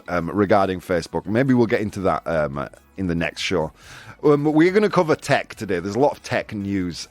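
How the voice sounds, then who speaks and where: A man's voice: medium pitch, dry recording. A man hosting a casual live-streamed news chat, jokey and chatty, laughing often between points. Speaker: show host.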